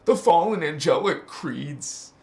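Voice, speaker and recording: Slow and gravelly, with a highish voice and lively intonation, this spiritual channel host preaches an impassioned, casual sermon on a livestream. He addresses listeners as honey and bursts into chanted syllables.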